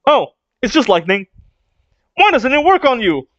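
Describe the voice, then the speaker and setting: A live manga reader voicing a loud, carefree young male pirate captain who yells boisterously. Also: mid-range voice, very animated, normal speed, no room sound, muffled recording, pitched above the performer's own voice. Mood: indignant. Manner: boisterous, yelling.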